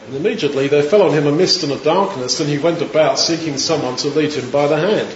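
Fairly high-voiced male preacher in an echoey room. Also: fairly quick, hardly any pauses. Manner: animated storytelling, retelling scripture in his own words. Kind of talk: sermon. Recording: echoey room, dull lo-fi sound, faint hiss.

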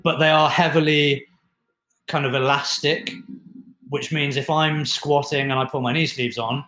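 A man co-hosting a fitness talk, explaining lifting equipment in a relaxed, chatty way with many fillers. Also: a little high, moderate pace. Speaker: fitness podcast co-host. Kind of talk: casual explanatory chat. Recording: roomy echo.

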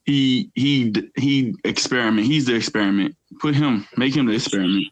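Male co-host, middle pitch, plain matter-of-fact delivery. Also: moderate pace, rough recording. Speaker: podcast co-host. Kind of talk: casual chat.

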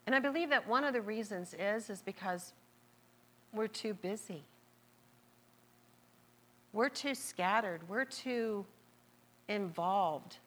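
A woman's voice: mid-range voice, animated, slow pace, long pauses. A woman with a Southern accent preaching a sermon, repeating phrases and stretching out key words for emphasis.

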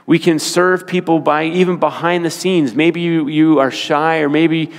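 A man preaching a sermon in a church, slowing down and repeating key phrases for emphasis. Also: fairly high pitch, steady tone. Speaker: pastor. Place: church sanctuary. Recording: long hall reverb.

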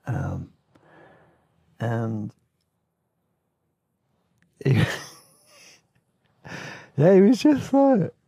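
A man's voice: on the high side, wildly swooping pitch, very slow, creaky, long pauses, dark tone, dry recording, dull audio. A man casually telling rambling travel stories on his podcast, with slang, fillers and laughs. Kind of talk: casual storytelling.

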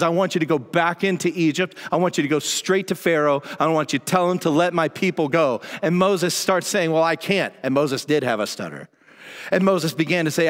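Pastor preaching in a reverberant church hall. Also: male voice, fairly high pitch. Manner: animated storytelling, voices God and Moses in retellings. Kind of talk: sermon.

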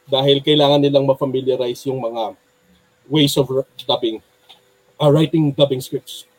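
A man with a Filipino accent presenting a dubbing workshop in an informal, chatty, animated way, switching between Tagalog and English. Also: mid-range voice, moderate pace, rough recording. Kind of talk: informal teaching talk.

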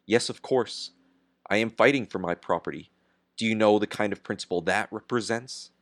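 A man reading the part of a defiant industrialist on trial, speaking gravely and firmly. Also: on the low side, no room sound, lightly acted. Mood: calm. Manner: grave, measured and firm. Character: defiant steel industrialist on trial, calm and unyielding. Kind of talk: audiobook character reading.

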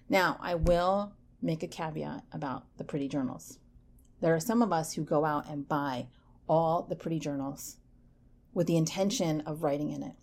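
A woman hosts a casual self-help podcast in a playful, animated way, her voice sitting a little low for a woman. She drops into hushed asides, then lifts into bright, emphatic bursts. When she reads poetry, she turns slow and soft. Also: slight background noise. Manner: reads poetry slowly and softly. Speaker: podcast host.

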